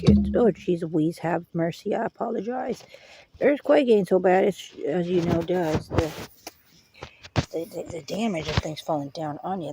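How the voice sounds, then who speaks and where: A woman's voice: medium pitch, mellow, slight background noise. A woman hosting a casual live-stream hangout, rambling in a folksy way and dropping prayerful asides. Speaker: livestream host.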